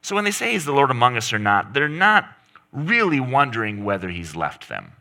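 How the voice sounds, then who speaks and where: A man's voice: mid-range voice, sing-song, fairly quick, pushed and bright. A middle-aged man preaching a sermon, emphatic, pushing his voice up and down to stress points. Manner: emphatic, rising and falling for stress. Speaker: pastor.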